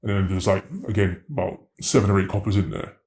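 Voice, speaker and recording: A man tells his story in an interview, slangy and animated, acting out every exchange. His voice is low and mellow and carries the echo of a roomy space. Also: fast talker. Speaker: interviewee, former drug dealer.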